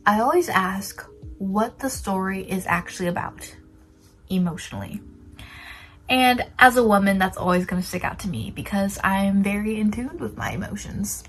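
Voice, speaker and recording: 20yo girl talking writing tips to camera, chatty, jokes at herself, little whispered bits, mid pitch, faint music underneath. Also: poor audio. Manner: chatty, self-deprecating, with soft whispered asides. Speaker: writer sharing writing tips. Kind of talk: casual chat to camera.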